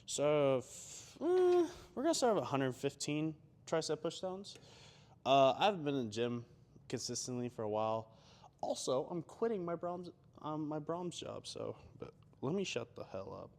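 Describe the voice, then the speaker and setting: A man's voice: fairly high pitch, big pitch swings, normal speed, darkish tone. A young man chatting casually between gym sets, rambling with lots of fillers and self-deprecating asides. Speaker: gym vlogger.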